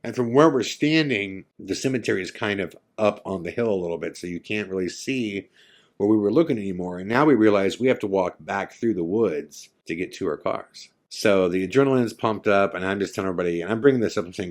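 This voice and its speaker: Deep-voiced man telling a ghost story. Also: a little fast. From California. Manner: vivid, acts out his own and others' lines. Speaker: podcast host. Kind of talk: dramatic storytelling.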